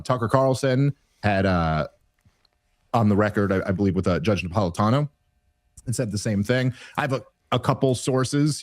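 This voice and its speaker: A man's voice: lowish voice, darkish tone, no room sound, clean studio sound. A man hosting a podcast, giving rambling, exasperated political commentary full of fillers and restarts. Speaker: podcast host.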